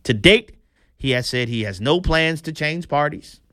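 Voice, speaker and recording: A man's voice: on the high side, animated, a little slow, a bit bright, dry recording, clean studio sound. A man hosting a political commentary show, talking in a chatty, amused way.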